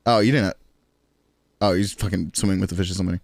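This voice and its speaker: His voice sits low and creaky with fairly even intonation, and he talks fast. A twenty-something New Yorker, he chats loosely and profanely with stream chat, laughing often, in an echo-free studio-quality recording.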